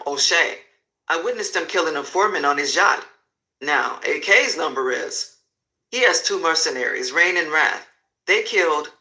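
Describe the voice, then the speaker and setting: A man's voice: fairly high pitch, bright, forceful tone, echoey room, heavily acted, rough recording. A man voicing a cocky, talkative male informant who rattles off contacts and numbers. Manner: rapid, boastful listing of contacts.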